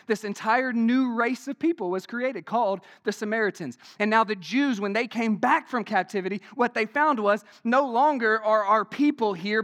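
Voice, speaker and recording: A man with a high voice preaching a sermon to his congregation. He keeps it conversational, firing off rhetorical questions and tagging "right?" onto his points. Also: a bit bright. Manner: says "y'all".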